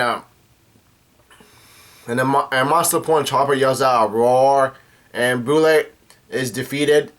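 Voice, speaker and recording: A man's voice: mid-range voice, fairly bright tone. A man casually recapping a manga chapter, with many "uh" fillers and restarts. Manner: rambling, full of "uh" fillers and restarts. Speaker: manga reaction host.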